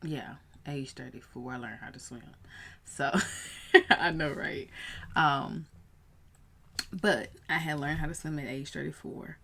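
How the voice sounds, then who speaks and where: A woman in her thirties, a coach, telling a personal story in a casual vlog, animated and prone to rising in excited bursts. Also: sits low, measured pace, pauses often. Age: 30s.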